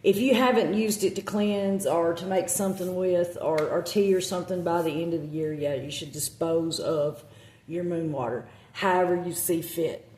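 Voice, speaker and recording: A woman's voice: on the low side, moderate pace, dark tone, reverberant. A woman with a Southern accent chatting casually to her phone camera, rambling with lots of ums and self-corrections. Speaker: witch vlogger.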